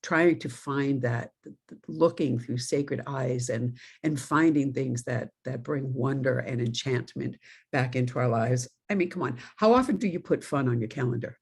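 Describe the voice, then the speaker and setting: A woman's voice: a bass voice, moderate pace, vocal fry, darkish tone, slightly rough. A middle-aged woman minister from New York giving a conversational sermon, telling stories with laughing asides. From New York, USA.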